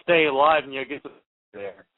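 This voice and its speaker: A man's voice: medium pitch, lively intonation, fairly quick, no echo. A man calling into a radio show, hesitant and rambling, filling his talk with "like". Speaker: caller. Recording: tinny phone line.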